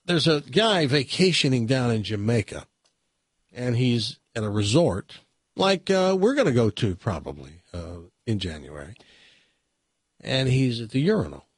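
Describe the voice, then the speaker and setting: A radio talk host speaks his mind bluntly, in a folksy, argumentative way. His pitch swings widely, and his voice carries a faint husk. The close studio mic sounds dry. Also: very animated, unhurried, husky, no echo. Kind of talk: casual opinion talk and joke telling.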